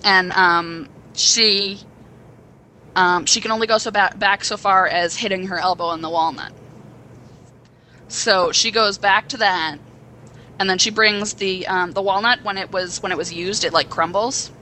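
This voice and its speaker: A young woman co-hosting a podcast, excitedly rambling through a plot retelling with acted quotes. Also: mid-range voice, measured pace, slight background noise, poor audio. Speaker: podcast co-host. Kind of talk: casual chat.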